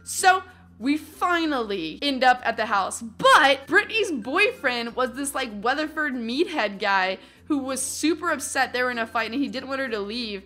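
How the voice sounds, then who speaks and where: A young adult woman telling a story from her teens in a casual vlog, animated and acting out what other people said. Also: high-pitched, normal speed, faint music behind. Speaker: vlogger.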